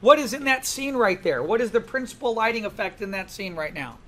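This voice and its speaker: A man teaching in a classroom, animated and pitched high, firing questions at his students. A faint hum of room noise sits behind him. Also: fairly quick. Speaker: art instructor. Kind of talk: classroom lecture.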